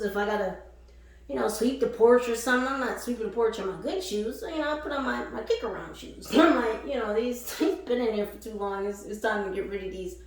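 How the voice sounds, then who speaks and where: A woman telling a story casually in a mid-pitched voice, profane and animated, with frequent laughter. She sounds far from the mic in a very echoey room. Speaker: spiritual channel host.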